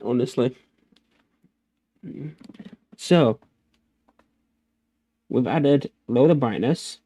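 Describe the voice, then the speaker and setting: A man with a mellow, dark voice chats his way through a livestream tutorial, rambling and pausing on fillers. The sound is dry and close, with no room around it. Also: medium pitch, breathy edge, dry recording. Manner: rambling, hesitant, many fillers. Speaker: streamer. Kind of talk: casual livestream tutorial chat.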